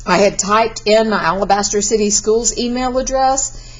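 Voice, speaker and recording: A woman's voice: medium pitch, moderate pace, poor audio. A Spanish teacher. She gives a recorded class lesson in a chatty, encouraging way and breaks into sung verses.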